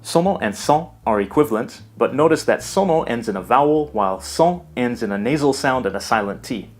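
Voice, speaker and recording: A man giving a scripted language lesson in a measured, explanatory way. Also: mid-range voice, expressive, faint music behind. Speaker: language teacher. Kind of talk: scripted educational narration.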